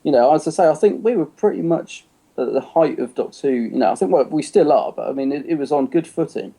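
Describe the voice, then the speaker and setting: A man's voice: fairly high pitch, expressive, fast talker, gravelly, warm tone, breathy edge. A man co-hosting a podcast in casual chat, rambling a little and laughing often. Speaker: podcast co-host.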